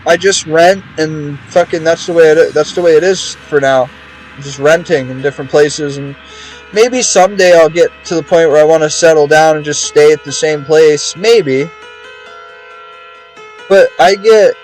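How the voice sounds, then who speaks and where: A man's voice: fairly high pitch, darkish tone, low-quality recording. A young man streaming a game, chatting casually in a rambling, profane way with many restarts. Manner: rambling, profane, repeats words.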